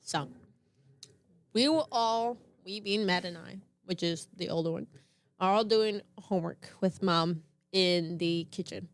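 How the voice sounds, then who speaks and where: A young woman co-hosting a casual podcast, telling a family story with animated, high-pitched quoted voices and frequent laughter. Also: measured pace. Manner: laughs often. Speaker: podcast co-host.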